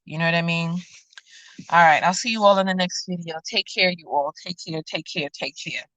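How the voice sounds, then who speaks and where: A woman with a New York accent hosting a casual livestream chat from a city street, telling stories in an animated way with sudden high exclamations. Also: brisk, dry recording, rough recording. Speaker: vlogger and show host.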